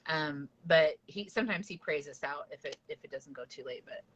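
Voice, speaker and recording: A woman's voice: deep voice, a little fast, breathy edge. A woman hosting a casual podcast chat, rambling and giggly with lots of fillers. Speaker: podcast host. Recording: dull lo-fi sound.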